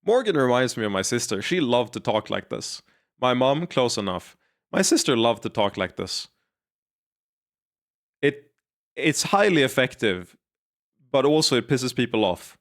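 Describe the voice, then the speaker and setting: A man's voice: medium pitch, sing-song, a little slow, pauses often. A man streaming a game, thinking aloud and musing about its story. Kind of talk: live game commentary. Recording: faint music behind.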